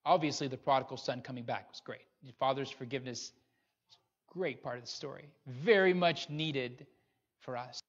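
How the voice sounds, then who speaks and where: A man delivers a sermon in an earnest pastor's voice, sitting at an ordinary middle pitch. He leans on rhetorical questions to press his listeners. The recording is muffled and lo-fi. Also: moderate pace. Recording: dull lo-fi recording.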